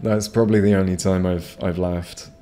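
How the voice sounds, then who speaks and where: Man, low mellow voice, casual profane play-by-play commentary, frequent restarts. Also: steady tone, normal speed. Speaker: gamer streaming a playthrough. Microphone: home streaming microphone.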